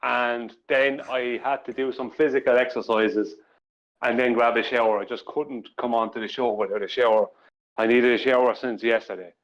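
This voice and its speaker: A man's voice: mid-range voice, steady tone, normal speed. A man with an Irish accent joining a live show, sheepish and apologetic. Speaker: show guest. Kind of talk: casual live stream chat. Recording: muffled online call audio.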